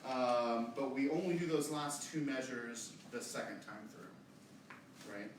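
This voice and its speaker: A man leading a choir rehearsal who gives brisk, quiet instructions, counts in and demonstrates phrases. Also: mid-range voice, background noise. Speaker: choir director. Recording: echoey room, far from the mic, choir and piano behind.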